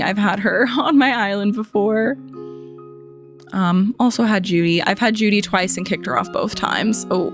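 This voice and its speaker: A woman giving a casual, chatty tour of a game island, full of "like" and "um", joking playfully at the characters. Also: medium pitch. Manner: chatty, lots of "like" and "um" fillers. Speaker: gaming video host. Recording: faint music underneath.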